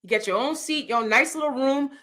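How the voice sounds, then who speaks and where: Chatty woman vlogger with a bright voice. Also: high voice, fast. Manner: chatty, expressive, laughs often. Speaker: vlogger host. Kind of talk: casual opinion commentary.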